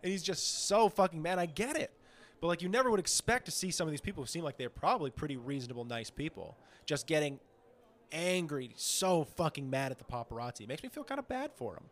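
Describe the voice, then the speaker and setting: A man's voice: on the high side, fast talker. A man co-hosting a comedy podcast in casual, profane, rambling chat full of "like"s. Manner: animated, profane, rambling with many "like"s. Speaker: podcast co-host.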